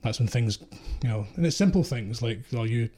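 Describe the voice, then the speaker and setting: Sweary Scottish man, mellow voice. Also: mid-range voice, expressive, fairly quick. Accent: Scottish, East Coast. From Scotland. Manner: blunt, sweary storytelling with laughs. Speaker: podcast guest, former security contractor. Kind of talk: casual chat.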